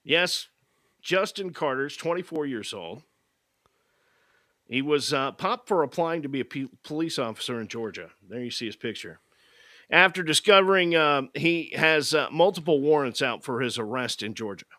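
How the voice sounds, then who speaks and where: A man's voice: on the high side, animated, normal speed, sharp tone, no echo, studio quality. A man hosting a podcast, recapping a movie in a casual, sarcastic, mocking way. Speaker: podcast host.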